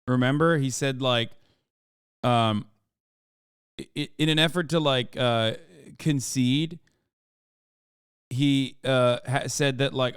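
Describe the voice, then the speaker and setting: A man streaming a reaction, talking casually with profane, mocking asides and bursts of excitement. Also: medium pitch, slow, long pauses, clear, resonant tone, dry recording, clean studio sound.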